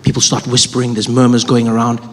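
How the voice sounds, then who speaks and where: A man telling a stand-up story on stage, animated, acting out every side of the dialogue. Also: mid-range voice, fast talker. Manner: animated, acts out both sides of dialogue. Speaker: stand-up comedian. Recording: live stage with hall reverb.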